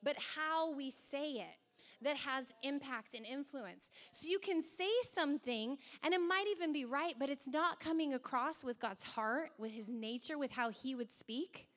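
A young woman with a high voice preaches a sermon. She is animated and slips into acted-out quoted voices along the way. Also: moderate pace.

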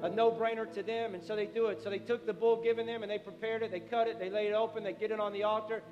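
High-voiced preaching man in echoey church. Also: fast, highs cut off. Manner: animated preaching, acting out the people he quotes. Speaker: pastor. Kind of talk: sermon. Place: church sanctuary. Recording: echoey hall with music.

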